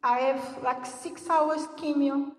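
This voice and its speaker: An older woman, giving a personal testimony in church in halting English. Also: high voice, fairly even intonation. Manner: halting non-native English, earnest storytelling. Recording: echoey hall, voice from far off.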